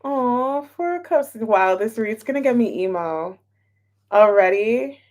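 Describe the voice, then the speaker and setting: A woman reads tarot in a loose, chatty way, her voice sitting a touch high. She takes her time and drifts between thoughts, often saying the same line twice. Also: expressive, a little slow, darkish tone. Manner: chatty and scattered, repeats herself, greets chat viewers. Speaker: tarot reader. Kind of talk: casual live tarot reading.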